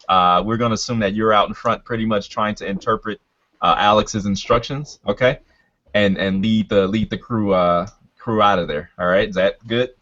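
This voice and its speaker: Game master, male, lowish voice, halting delivery, dull lo-fi recording. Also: fairly bright tone. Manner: hesitant, many fillers. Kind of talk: narrating a tabletop game.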